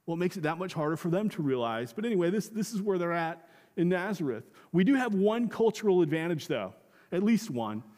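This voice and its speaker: A man preaches from a church sanctuary in a fairly high voice. He keeps it conversational, leaning on rhetorical questions and repeated phrases. The sound carries a long, reverberant hall tail. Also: sing-song, brisk, darkish tone. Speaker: pastor. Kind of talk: sermon.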